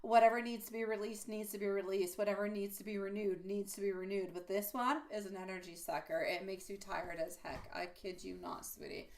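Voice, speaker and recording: A woman's voice: mid-range voice, a little hiss or hum. Chatty woman giving a live tarot reading. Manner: chatty, affectionate, calls viewers sweetie; rambling with many fillers and restarts. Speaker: tarot reader.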